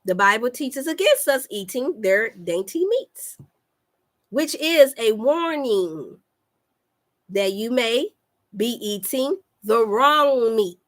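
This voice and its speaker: A woman's voice: fairly high pitch, expressive, slow, fairly bright tone. A woman health coach giving a fervent, preacher-like talk on a livestream. She repeats lines for emphasis and calls out to her listeners.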